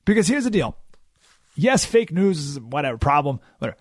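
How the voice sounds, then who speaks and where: A man's voice: on the high side, sing-song, brisk, no echo. A man hosting a radio talk show, delivering an emphatic, sarcastic opinion monologue from a studio.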